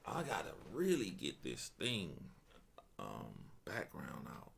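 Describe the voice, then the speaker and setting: Deep-voiced man reacting to a news story. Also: wildly swooping pitch, takes it slowly, creaky, slight background noise. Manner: reads aloud, then stops to react with stunned remarks; repeats himself and restarts phrases. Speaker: streamer reading and reacting to a news article. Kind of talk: casual reaction commentary.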